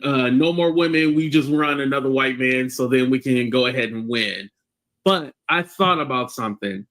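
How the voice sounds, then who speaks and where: A man's voice: mid-range voice, moderate pace, fairly bright tone. A man giving conversational political commentary, thinking his points through as he goes. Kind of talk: opinion commentary.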